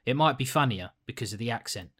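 Man, bright edgy tone, blunt, sweary, casual film-review chat. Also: medium pitch, animated, quick pace, husky. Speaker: podcast co-host reviewing a film.

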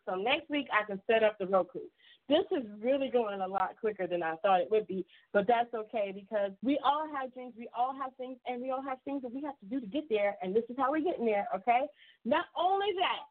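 A woman hosts a casual community radio show, speaking in a slightly high voice. She is effusive and encouraging and laughs easily with her callers. The sound is thin and tinny, as if heard over a phone line.

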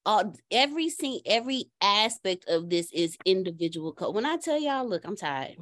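Expressive woman telling a story, dry sound. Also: mid-range voice, normal speed, dry recording. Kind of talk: casual group talk.

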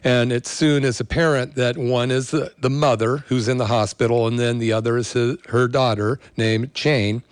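A man's voice: mid-range voice, steady tone, normal speed, few pauses, clear, resonant tone, no room sound, clean studio sound. A middle-aged man hosting a health show, telling a story in a rambling, casual way with many fillers.

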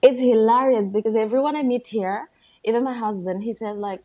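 A woman in her thirties from Bangladesh, a podcast guest chatting casually, animated and laughing often. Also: fairly high pitch, a little fast. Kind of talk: casual conversation.

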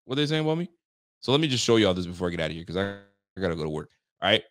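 A man hosting a casual live stream, reacting with incredulous, animated talk and frequent laughter. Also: deep voice, very fast. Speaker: show host.

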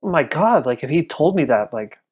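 A man's voice: on the high side, big pitch swings, moderate pace, darkish tone, slightly rough, lo-fi sound. A man in his thirties shares a family memory on a podcast. He rambles and leans on "like" constantly. His telling turns emotional. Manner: rambling, heavy use of "like", emotional. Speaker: podcast co-host. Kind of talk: casual storytelling chat.

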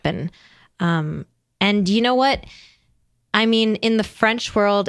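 A woman's voice: fairly low pitch, no echo. Chatty woman podcast host, dry sound. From United States. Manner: chatty, animated, laughs often, many fillers. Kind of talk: casual conversation.

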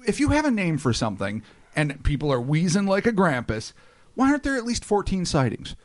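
A man's voice: high-pitched, wildly swooping pitch, a little fast. A man co-hosting a podcast in casual banter, sarcastic and swearing freely. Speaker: podcast host.

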